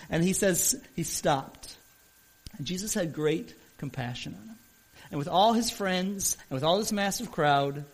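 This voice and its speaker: A man with a rather high voice preaches a sermon to his congregation. He talks earnestly, telling a story, speeding up and slowing down and swelling in loudness as he makes his point. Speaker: pastor.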